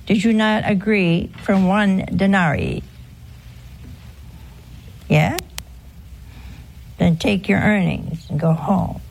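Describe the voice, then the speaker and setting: A woman doing a calm, firm landowner. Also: mid-range voice, slow pace, gravelly, long pauses, a little hiss or hum, low-quality recording.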